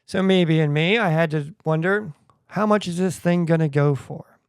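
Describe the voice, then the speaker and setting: A man's voice: on the high side, normal speed, clean tone, no echo, studio quality. A man hosting a retro video game podcast, talking casually with jokey asides. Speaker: podcast host.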